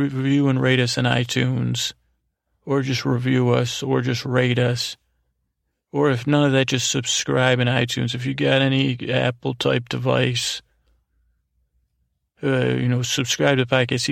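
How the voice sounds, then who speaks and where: A podcast host with a mid-range, creaky voice thanks his listeners one at a time, rambling loosely, correcting himself and tossing in jokey asides. He's alone on a close studio mic, and the recording is studio quality with no room sound.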